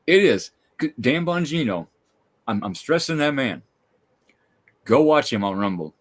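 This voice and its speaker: A male host in casual chat with a middle-pitched voice. He rants with strong opinions and keeps tripping over the starts of his sentences. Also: very animated, a little slow. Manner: opinionated, ranting, stumbling restarts. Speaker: podcast host.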